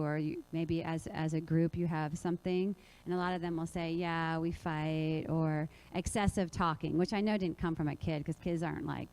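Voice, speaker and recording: A woman's voice: fairly low pitch, clean tone, rough recording. Woman presenting a yoga workshop. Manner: lively, asks the audience questions. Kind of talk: conference workshop talk.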